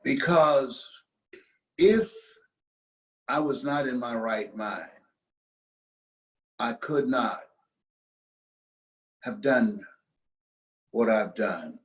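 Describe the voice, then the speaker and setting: An older American man, appearing as an interview guest, tells a motivational story and slows down to stress key phrases. His voice sits in the mid range, and the recording quality is low.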